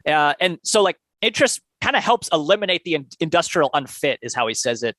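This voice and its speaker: A man's voice: on the high side, sing-song, a little fast, fairly bright tone, no echo. A man co-hosting a podcast, casually summarizing a book in a loose conversational way, with many filler words. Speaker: podcast co-host.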